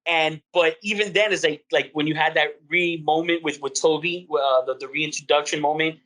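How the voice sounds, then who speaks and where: Man, fairly high voice, bright tone, eager rambling movie talk. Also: moderate pace, poor audio. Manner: excitable, rambling fan enthusiasm. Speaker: podcast co-host. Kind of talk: casual movie review chat.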